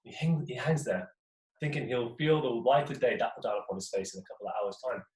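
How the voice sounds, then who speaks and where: A man's voice: medium pitch, brisk, a little mellow. A young man from England telling a folk tale to a live audience in a playful, chatty way, with questions for his listeners. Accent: English. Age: young adult. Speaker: storyteller. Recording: echoey room, mic at a distance, faint noise.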